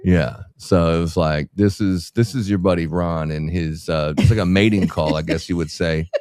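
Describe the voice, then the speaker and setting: A man's voice: sits low, steady tone, normal speed, a little mellow, dry recording, clean studio sound. A man co-hosting a podcast, telling rambling, slangy, self-mocking stories in a casual chat. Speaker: podcast co-host.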